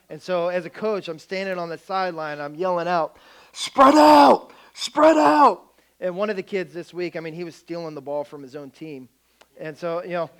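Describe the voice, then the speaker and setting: Animated high-voiced male pastor. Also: clear, resonant tone. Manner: animated, energetic, stammering restarts. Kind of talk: humorous sermon storytelling.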